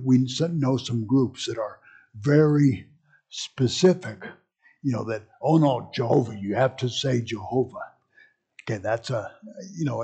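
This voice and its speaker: Slow, husky man teaching a class. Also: medium pitch, a little mellow. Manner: conversational, with frequent restarts and asides. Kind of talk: casual teaching talk.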